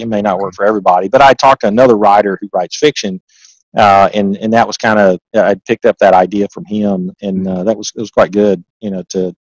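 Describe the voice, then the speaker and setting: A man's voice: fairly low pitch, no room sound, low-quality recording. A man with a Southern accent, talking as an interview guest in a folksy, rambling way, full of restarts, and turning emphatic when he makes a point. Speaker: interview guest, author and accountant. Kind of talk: casual interview talk.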